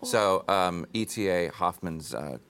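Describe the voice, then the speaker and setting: A man being interviewed as a guest on a talk show, telling relaxed, joking anecdotes. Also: sits low, measured pace, smooth. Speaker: actor and author guest.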